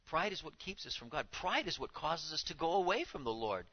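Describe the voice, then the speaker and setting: A man preaching a sermon to his congregation, speaking with animated emphasis and now and then acting out the voices he quotes. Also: on the high side, a little fast, lo-fi sound. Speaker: pastor.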